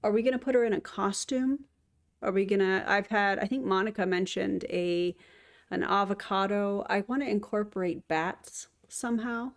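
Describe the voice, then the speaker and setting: A woman's voice: mid-range voice, normal speed. Woman host, casual stream chat, mid-range voice, affectionate cooing. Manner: chatty, often coos to her cat.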